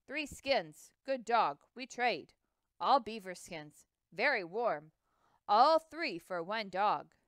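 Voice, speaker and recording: A woman's voice: medium pitch, animated, takes it slowly, fairly bright tone, smooth, no room sound. A woman voicing a man from a village who bargains in short, clipped phrases, in a storybook reading. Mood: bargaining. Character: terse man from a village offering a trade.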